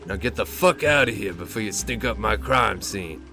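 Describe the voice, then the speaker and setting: A gruff, burly police officer played by a male narrator for an audio drama, speaking in a lowish, blunt, crude manner. Faint music sits behind him. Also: animated, moderate pace, bright, forceful tone.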